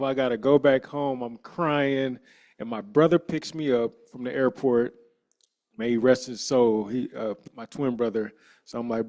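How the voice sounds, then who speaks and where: A man on a discussion panel, a former professional football player, telling a lively personal story in casual slang. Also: medium pitch, a little slow. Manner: animated storyteller, acts out quoted dialogue, casual slang.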